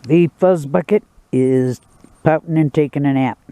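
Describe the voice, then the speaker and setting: A man talking to his camera outdoors in the woods while he cooks over a campfire. His voice sits a little high but sounds mellow and dark, and he takes his time with every line. He keeps it folksy and joking. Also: a little slow. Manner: folksy, joking, laid-back. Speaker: vlogger cooking outdoors. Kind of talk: casual outdoor vlog narration.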